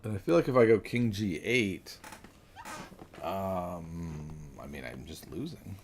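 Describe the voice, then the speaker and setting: A man's voice: sits low, slow pace, a little mellow, a little hiss or hum. A man thinking aloud as he solves chess puzzles, musing and correcting himself, then chatting with viewers. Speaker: chess streamer.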